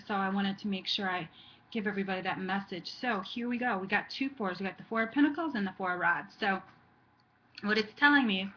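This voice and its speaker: An American woman of middle pitch reads tarot cards to her camera, earnest and affirming as she repeats encouraging phrases. The home video audio is a little dull and has a faint hiss underneath. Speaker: tarot life coach. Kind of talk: weekly spiritual tarot reading to camera.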